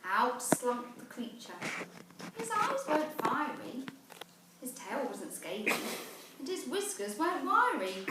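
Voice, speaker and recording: Slow expressive woman reading a story. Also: on the high side, very noisy. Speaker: teacher reading a picture book aloud. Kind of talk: storybook read-aloud. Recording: echoey room, far mic.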